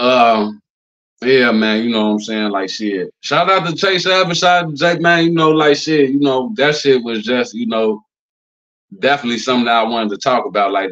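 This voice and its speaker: A man in the middle of a loose, profane commentary rant, leaning on fillers like "you know" and "like" as he goes. His voice sits in an ordinary male pitch, and the recording comes through a little dull and lo-fi. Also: a bit bright. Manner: acts out quotes in a higher voice. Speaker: commentary channel host.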